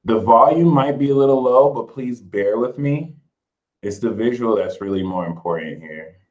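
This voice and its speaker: A man's voice: medium pitch, animated, normal speed, a little mellow, dull audio. A man hosting his own channel, giving a casual spiritual talk straight to his viewers in a chatty way. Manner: chatty, addresses viewers directly as y'all. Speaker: spiritual reader and channel host.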